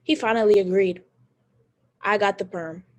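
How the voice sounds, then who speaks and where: A woman's voice: mid-range voice, steady tone, normal speed, darkish tone. A teenage girl reciting an earnest personal monologue on stage. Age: teens.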